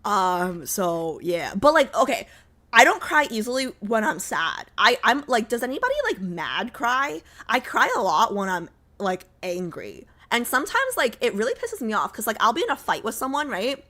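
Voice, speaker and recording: A young woman streaming and chatting casually, rambling with lots of fillers, a little sick so her voice sits lower than usual. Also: sing-song, moderate pace, pushed and bright. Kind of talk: casual livestream chat.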